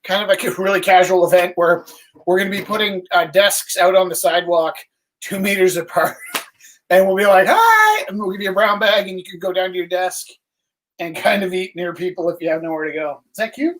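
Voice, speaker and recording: A woman hosting a live art auction stream, chatting casually in a rambling way with quick asides. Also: fairly low pitch, fairly even intonation, rough recording. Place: art venue indoors.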